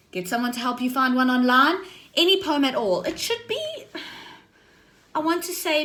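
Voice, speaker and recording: A woman's voice: fairly high pitch, fairly bright tone. A woman teaching a drama lesson to her class, explaining step by step and often checking in with "okay?" and "right?". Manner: slow, deliberate explaining.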